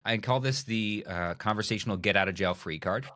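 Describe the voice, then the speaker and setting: A middle-aged man, a magician and speaker, talking as a podcast guest in a playful, animated way that acts out little scenes of dialogue. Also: fairly low pitch, fairly quick. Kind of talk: animated conversational interview.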